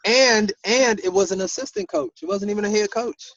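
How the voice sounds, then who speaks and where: A sports official telling a story in a casual group discussion, animated and given to repeating himself. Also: male voice, high voice, moderate pace, no echo, lo-fi sound.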